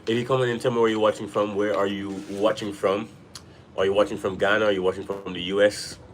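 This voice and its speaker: Low-voiced, slightly sick man streaming live. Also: little pitch movement, fast, a little hiss or hum, low-quality recording. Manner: loose, rambling, repeats himself. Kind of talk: casual live-stream chat.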